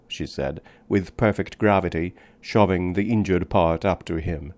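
Lower-voiced man narrating a book. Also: a little slow, darkish tone. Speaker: audiobook narrator. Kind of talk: scripted narration.

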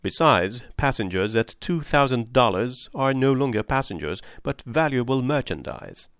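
A man narrating a classic adventure novel aloud in a steady, measured way. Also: medium pitch, dry recording, clean studio sound. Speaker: audiobook narrator. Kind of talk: scripted narration.

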